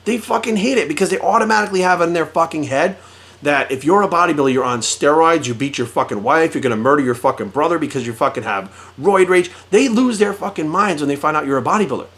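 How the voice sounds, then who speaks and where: A middle-aged fitness coach rants bluntly straight to the camera, swearing nonstop while telling a story and acting out the quoted exchanges. His voice is fairly high-pitched, a bit bright, and fast.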